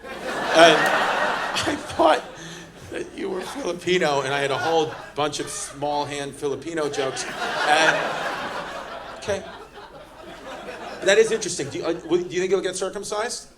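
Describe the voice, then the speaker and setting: A man's voice: on the high side, lively intonation, unhurried, long pauses, heavy background noise. A man with a New York accent doing brash, profane stand-up and crowd work on a club stage, acting out the people in his stories. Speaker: stand-up comedian. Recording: live club audience. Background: audience laughter.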